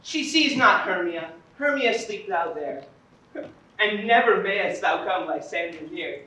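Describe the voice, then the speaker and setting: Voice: medium pitch, expressive, a little slow, bright, forceful tone. An actor playing an ardent, fickle young male lover, declaiming verse in a stage play. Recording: distant echoey stage, faint noise.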